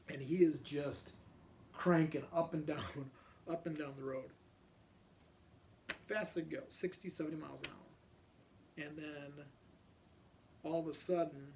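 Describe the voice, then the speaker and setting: A man casually telling a rambling neighborhood story, often clearing his throat as he talks. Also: fairly high pitch, mellow, slight background noise.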